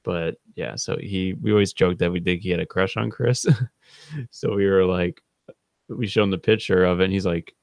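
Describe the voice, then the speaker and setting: A man's voice: deep voice, moderate pace, gravelly, darkish tone, no room sound, studio quality. A man in his thirties hosting a live stream, rambling through funny stories about a friend, laughing often and quoting people in a raised voice. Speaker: channel host. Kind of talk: casual storytelling on a live stream.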